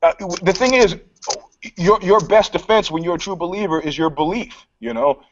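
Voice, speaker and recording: A man co-hosting a casual, profane sports podcast, an animated storyteller who acts out the people in his stories. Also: sits high, moderate pace, creaky, no echo, dull audio. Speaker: podcast co-host, MMA pundit. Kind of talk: casual, profane chat, acting out the other side of a dispute.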